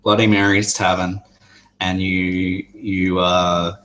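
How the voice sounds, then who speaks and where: A man narrating a tabletop game as game master, hesitant and halting. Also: low voice, level tone, a bit bright. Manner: hesitant, many fillers and restarts.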